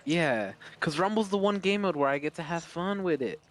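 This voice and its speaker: A man's voice: fairly high pitch, animated, normal speed. A man with a pleasant, announcer-like radio voice, chatting casually with teammates during a game. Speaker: streaming teammate. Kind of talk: casual gaming chat.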